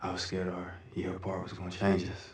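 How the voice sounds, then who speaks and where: A young football player with a quiet, earnest voice. He sounds set back from the mic in a roomy space, like TV drama audio. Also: low voice, completely flat delivery, fairly quick, recorded from a distance.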